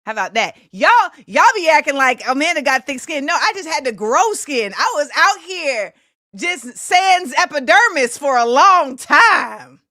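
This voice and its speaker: A woman in her forties hosting a livestream talk show, chatting animatedly and breaking into sing-song shout-outs to the chat. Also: sits high, animated, a little slow, dry recording, studio quality. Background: faint music.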